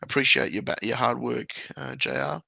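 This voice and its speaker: A man's voice: medium pitch, moderate pace, vocal fry, sharp tone, dry recording. A man hosting a casual podcast, chatty and laughing often as he talks. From Australia. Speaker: podcast host.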